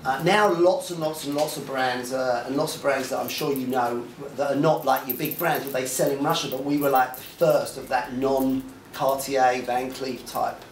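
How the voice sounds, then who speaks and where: A man's voice: mid-range voice, fairly even intonation, normal speed, few pauses, a little hiss or hum. Rambling man in an echoey hall. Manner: rambling, chuckling, frequent restarts. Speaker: guest speaker, jewellery designer. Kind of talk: casual anecdotal talk to an audience. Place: lecture room. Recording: echoey room, mic at a distance.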